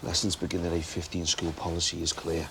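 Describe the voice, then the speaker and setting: A man's voice: deep voice, completely flat delivery, brisk, vocal fry, noisy background. An actor playing a stern male school manager who speaks in a curt, officious way. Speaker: school head.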